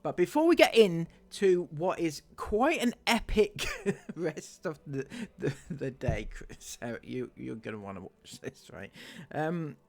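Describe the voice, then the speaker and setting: A man's voice: fairly high pitch, expressive, takes it slowly, gravelly. A man doing sarcastic commentary on online comments, laughing often. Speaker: commentary YouTuber.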